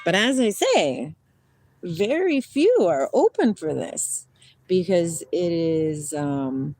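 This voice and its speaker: A woman's voice: lowish voice, big pitch swings, takes it slowly, darkish tone, no echo. A middle-aged woman from Washington state, chatting playfully and rambling on a livestream outdoors by a river. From Washington state, USA. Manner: rambling, playful, drifts between chat and singing. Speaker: livestream host. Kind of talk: casual livestream chat with viewers.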